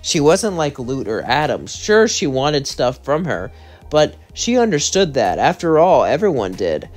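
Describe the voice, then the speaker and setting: A man's voice: on the high side, sing-song, a little slow, soft background music. A man narrating a fan story read-aloud, rambling along and chaining events with "as". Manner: rambling, linking lines with "as".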